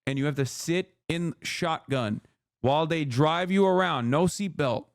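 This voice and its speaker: A man's voice: fairly high pitch, a little slow, no echo, clean studio sound. A man doing livestream reaction commentary, talking in a brash, mocking and crude way. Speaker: streamer reacting to news clips.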